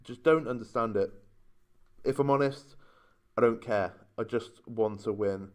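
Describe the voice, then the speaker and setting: A gaming YouTuber moans his way through a game in casual let's-play commentary, keeping up an exasperated running monologue. His voice is medium-pitched and a little slow.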